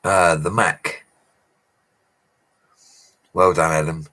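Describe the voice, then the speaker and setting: Low-voiced chatty man. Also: steady tone, extremely slow, pushed and bright. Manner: chatty and matey, laughs often. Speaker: bricklayer answering live chat questions. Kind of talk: casual livestream Q&A.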